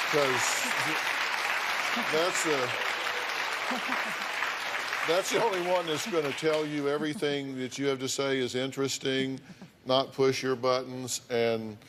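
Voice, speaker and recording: A man's voice: medium pitch, noisy background. A blunt, sarcastic man hosts a counseling talk show. His voice sits in a middle register and his folksy jabs carry over a faint studio audience.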